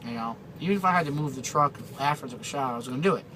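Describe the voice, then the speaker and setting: Bright-voiced chatty trucker. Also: male voice, medium pitch, very fast, a little hiss or hum, rough recording. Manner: rambling, chatty, with many fillers and restarts. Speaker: truck driver. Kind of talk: casual storytelling vlog.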